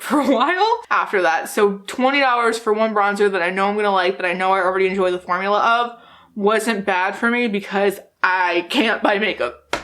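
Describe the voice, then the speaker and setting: A woman's voice: mid-range voice, a bit bright. A woman beauty vlogger talking casually and sarcastically about makeup releases, often laughing. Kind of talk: casual chat.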